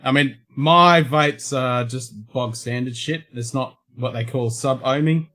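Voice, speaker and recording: Brief: Australian male host, mid-pitched, laid-back, salty-mouthed livestream banter. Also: unhurried, sharp tone. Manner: blunt, swears constantly, laid-back. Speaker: show host. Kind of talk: casual livestream chat.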